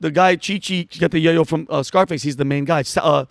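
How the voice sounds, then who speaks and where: A man, a comedian telling a story fast and excitedly in a podcast chat, acting out quotes. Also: a little high, vocal fry, no echo, clean studio sound. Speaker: comedian guest. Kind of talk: animated storytelling in conversation.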